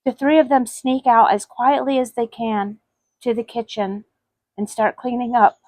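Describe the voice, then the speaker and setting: Woman softly reading her own sad story. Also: fairly high pitch, steady tone, normal speed, no room sound, rough recording. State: voice cracking with emotion.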